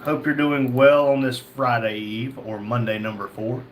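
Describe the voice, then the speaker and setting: A man hosting a live stream, reading viewers' chat messages aloud and answering them in a relaxed, chatty way. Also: mid-range voice, normal speed, a little hiss or hum. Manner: reads chat names aloud, chatty and easygoing. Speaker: livestream host reading chat.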